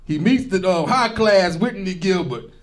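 Laughing, lively young man, profane storyteller. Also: sits high, a little slow, roomy sound. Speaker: comedy show host. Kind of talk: animated comedic recap.

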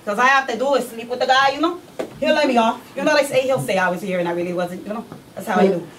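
A brash, streetwise young woman on probation, played by a woman in a one-woman comedy show rattles off her story in slang and keeps asking "you know what I say?". Her voice sits high. The stage mic is set back, with a faint hum of room ambience. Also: fast, fairly bright tone, far from the mic, close to an everyday voice, rough recording. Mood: sassy.

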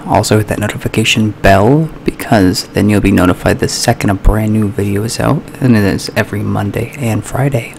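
A man with a lowish, gravelly voice chats loosely as a video vlogger running an eating sound challenge. His talk is relaxed and conversational. A faint hiss sits under the recording. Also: a little fast, hardly any pauses. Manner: chatty, casual, drops into a mock whisper at times. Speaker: YouTube vlogger. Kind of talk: casual ASMR eating challenge vlog. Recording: faint background noise.

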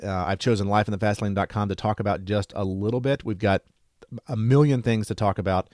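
Brief: male emergency medicine educator, lowish voice, chatty and upbeat, dry close sound. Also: steady tone, fairly quick, a little mellow, no echo. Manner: chatty and enthusiastic, light joking. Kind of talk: casual screen-share lesson.

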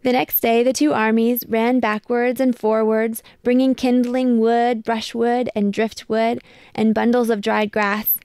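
Woman reading a kids' picture book out loud, gravelly but smooth, dry close sound. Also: on the high side, dry recording. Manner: measured, expressive storytelling. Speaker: storybook reader.

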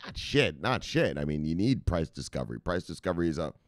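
A man's voice: sits low, sing-song, brisk, no echo. A man hosting a crypto news channel, chatting casually and rambling as he reacts to market charts, swearing often and getting hyped. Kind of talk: casual chat, live market commentary.

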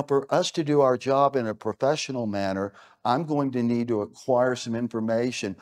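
This is a middle-aged American man giving a conference keynote on stage. His voice sits at medium pitch with a darkish tone, and his delivery is punchy, emphatic and full of rhetorical questions.

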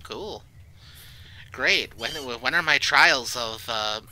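A man giving casual let's-play commentary, jumpy and swearing, with loud reactions to scares. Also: mid-range voice, lively intonation, takes it slowly, poor audio. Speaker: gaming YouTuber.

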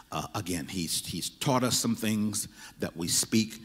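A man's voice: lowish voice, brisk, breathy edge. Emphatic male pastor in a reverberant hall. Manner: repetitive, emphatic build-up. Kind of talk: sermon. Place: church sanctuary.

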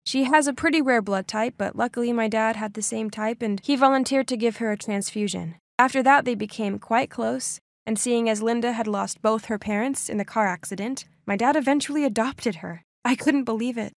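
Young woman telling her life story for an animated vid, dramatic and emotional, kinda high voice. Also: brisk, few pauses, dry recording, clean studio sound. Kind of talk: first-person scripted story narration.

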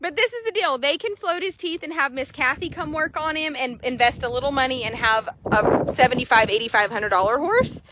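A woman's voice: sits high, fairly quick, few pauses, heavy background noise. Chatty woman selling horses. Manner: chatty, excitable, talks to viewers. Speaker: horse seller. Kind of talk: casual sales chat while riding. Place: horse arena.

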